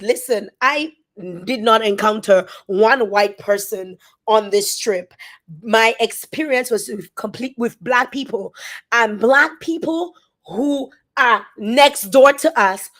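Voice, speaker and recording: Animated woman vlogger. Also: a little high. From Dominica. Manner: emphatic, animated storytelling. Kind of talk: casual review vlog.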